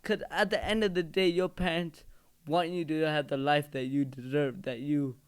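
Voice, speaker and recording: A man's voice: fairly high pitch, steady tone, normal speed, smooth. A man hosting a podcast, chatting casually with many fillers and affirming the guest. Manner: rambling, filler-heavy, affirming. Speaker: podcast host. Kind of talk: casual interview chat.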